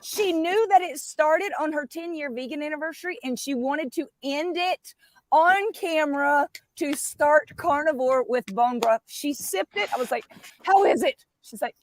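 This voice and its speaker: A woman coach chatting on a live video call, telling animated stories with playful asides. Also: high-pitched, moderate pace, no room sound. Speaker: carnivore diet coach. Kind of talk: casual live-stream chat.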